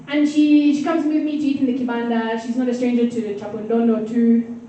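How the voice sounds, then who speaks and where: A woman's voice: fairly high pitch, flat delivery, fairly quick, warm tone, recorded from a distance. A woman telling a chatty, self-mocking story in a stand-up set. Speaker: stand-up comedian. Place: live comedy event stage. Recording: echoey venue miked from afar.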